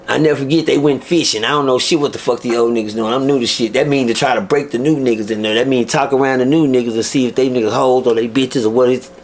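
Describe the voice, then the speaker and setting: A man with a Texan accent, telling stories as a guest in an interview with animated, profane delivery. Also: mid-range voice, slight background noise. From Texas. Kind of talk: storytelling interview.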